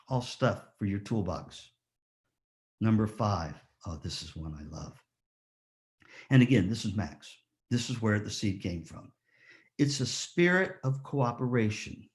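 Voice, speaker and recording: Male ceremony speaker, mid pitch, storyteller who acts out quotes and keeps asking the crowd "yeah?". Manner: lively storyteller, rhetorical questions, acts out quotes. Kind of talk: motivational speech with stories.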